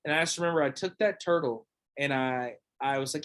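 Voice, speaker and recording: A man's voice: a little high, brisk, fairly bright tone. A young man chatting casually on a podcast, rambling with lots of fillers and swearing. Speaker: podcast host or guest. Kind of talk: casual chat.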